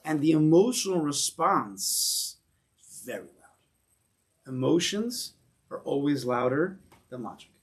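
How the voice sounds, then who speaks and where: A man with an American accent teaching a Torah class to a congregation in a synagogue, speaking in an animated way and asking his listeners rhetorical questions. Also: fairly high pitch, slow pace, long pauses.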